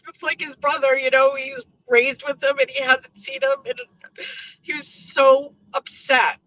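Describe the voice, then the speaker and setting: A middle-aged woman telling a personal family story as a show host, halting and emotional, often clearing her throat. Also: high voice, very animated, sharp tone, low-quality recording.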